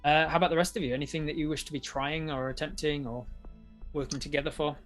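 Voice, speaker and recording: A man's voice: a little high, steady tone, quick pace, a bit bright, faint music behind. A man with an Australian accent running a tabletop game as dungeon master, narrating with frequent laughs. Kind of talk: game narration for a live stream.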